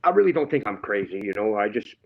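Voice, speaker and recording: A man's voice: fairly low pitch, big pitch swings, fast talker, gravelly, highs cut off. A man rambling through a grievance in casual chat, swearing heavily. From Canada. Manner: rambling, heavily profane, aggrieved. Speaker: guest telling his story.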